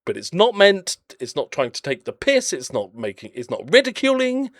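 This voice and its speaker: Lively, rambling man commentating a game. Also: fairly high pitch, moderate pace, no echo, clean studio sound. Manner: chatty, rambling, jokey and blunt, prone to rants. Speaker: game channel host. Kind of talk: casual gameplay commentary.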